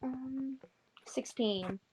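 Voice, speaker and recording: Playful woman in a tabletop game, a bit high-pitched, noisy hissy recording. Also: very slow. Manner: playful and excitable, often laughing. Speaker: player. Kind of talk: playing a tabletop game over voice chat. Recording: background hiss.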